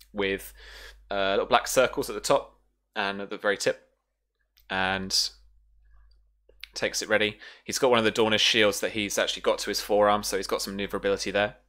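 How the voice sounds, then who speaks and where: A man's voice: on the low side, sharp tone. A man narrating as game master of a tabletop role-playing game, easygoing and descriptive with frequent filler words.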